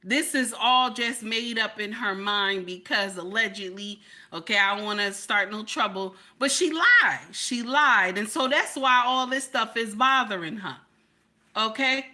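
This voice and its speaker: A middle-aged woman hosts a casual livestream, loud and playful as she reads and answers her chat. Her voice is bright and forceful, sitting at an ordinary pitch for a woman. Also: fairly even intonation, moderate pace. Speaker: livestream commentary host.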